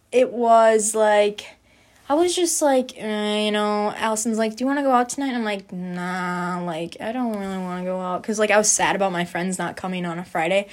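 A young woman, a college student, chatting casually about her freshman year, bubbly and full of "like" and "um". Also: medium pitch. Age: young adult. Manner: chatty and bubbly, heavy use of "like" and "um". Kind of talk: casual storytelling chat.

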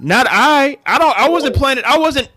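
Bright animated American man. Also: moderate pace. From United States. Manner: animated, swearing, jumps into high excited pitch. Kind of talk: casual chat.

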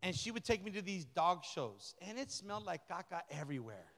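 High-voiced man preaching in an echoing hall. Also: a little fast. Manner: lively, colloquial preaching with repeated phrases. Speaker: pastor. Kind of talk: sermon. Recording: long reverb of a large hall.

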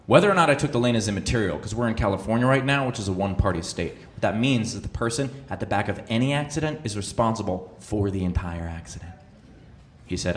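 A man's voice: lowish voice, expressive, fast talker. A man doing a stand-up comedy set, telling a story with sarcastic, incredulous asides. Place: live comedy venue with audience. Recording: echoey venue with audience noise.

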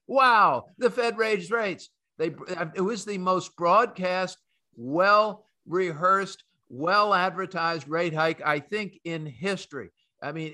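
A man's voice: a little high, sharp tone. An American man hosting a market commentary podcast, emphatic and opinionated, talking straight to his listeners. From United States. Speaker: podcast host.

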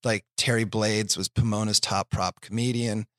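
Laid-back, low-voiced man swearing through stories. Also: fairly even intonation, moderate pace, no room sound, clean studio sound. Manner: laid-back, profane, self-deprecating. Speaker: guest comedian. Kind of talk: casual storytelling chat.

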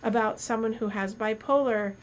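A woman doctor chats on a podcast in a slightly high voice. She tells stories animatedly, reaching for metaphors and restarting her sentences. A faint hiss of background noise sits under the recording. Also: moderate pace. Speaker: doctor co-host. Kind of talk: casual podcast chat.

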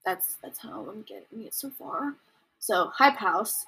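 A young adult woman hosts a casual commentary podcast from home, rambling and chatty, and she throws in mocking high-pitched impressions. Her voice is bright, forceful and slightly rough, with lively intonation and a slightly slow delivery.

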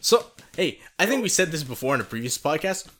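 A man's voice: fairly high pitch, sing-song, fairly quick, pushed and bright. A man co-hosting a casual podcast chat, laid-back, swearing and chiming in with agreement. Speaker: podcast co-host.

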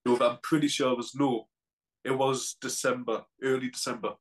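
A woman's voice: very deep voice, steady tone, moderate pace. A woman co-hosting a casual chat, laid-back, answering briefly and laughing along. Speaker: podcast co-host.

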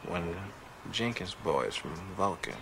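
A man's voice: low-pitched, animated, unhurried, pushed and bright, a little hiss or hum, exaggerated voice. An actor playing a boastful adult male Star Trek fan who quizzes others in a smug way, from a film clip. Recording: film clip with music behind. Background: music.

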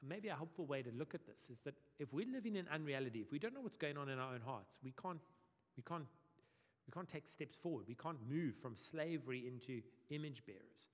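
A male pastor preaching a sermon in a lively, conversational way with humorous asides, in a long hall reverb. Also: on the high side, a little fast.

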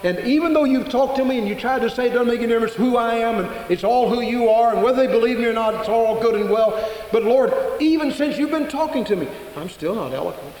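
A man preaching, acting out Moses as a timid man who stammers and pleads with God, his voice pitched up and strained. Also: fast talker, hardly any pauses, a little mellow. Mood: pleading, flustered. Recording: echoey hall with faint hiss.

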